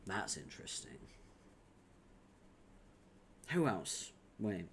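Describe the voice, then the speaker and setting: A man streaming at his desk mic, reading a webcomic aloud and breaking off to chat with his viewers. His talk is loose and casual, full of quick laughs and offhand swearing. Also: low-pitched, sing-song, creaky, a little hiss or hum. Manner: laughs often, swears casually, chatty asides.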